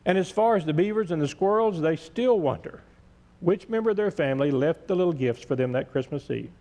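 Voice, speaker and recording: Pastor reading a story in a church. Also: male voice, fairly high pitch, lively intonation, a little fast, dark tone. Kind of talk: reading a story aloud in a sermon. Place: large church sanctuary. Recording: echoey church sanctuary.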